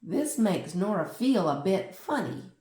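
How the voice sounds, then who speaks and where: Woman reading a picture book aloud, slow and expressive, echoey room. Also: mid-range voice, distant mic. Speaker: storybook reader. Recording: roomy echo.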